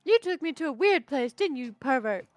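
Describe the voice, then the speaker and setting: A young woman with a very high, lively voice reads a visual novel aloud at an unhurried pace. She answers with blunt, joking comebacks. The sound is dry and close. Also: no echo, faint music behind. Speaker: gaming video co-host.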